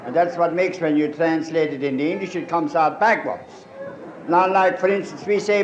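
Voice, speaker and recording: A man's voice: fairly high pitch, animated, moderate pace. A man with a Pennsylvania Dutch accent telling folksy jokes with dry one-liners in a live stand-up set. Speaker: stand-up comedian. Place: stage before a live audience. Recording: old live recording in a roomy hall with crowd and hiss.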